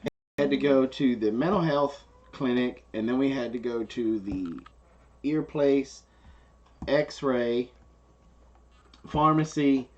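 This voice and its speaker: A man's voice: mid-range voice, slow pace, pauses often, muffled recording. A man telling a story in casual chat, acting out the people he quotes. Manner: animated, acts out the people he quotes. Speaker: co-host.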